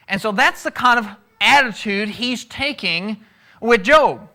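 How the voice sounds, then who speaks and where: A man's voice: sits high, animated, a little slow, bright, forceful tone. A man preaching a sermon in a conversational way, asking his listeners questions and acting out quotes. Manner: conversational, asks the audience questions, acts out quotes. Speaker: pastor.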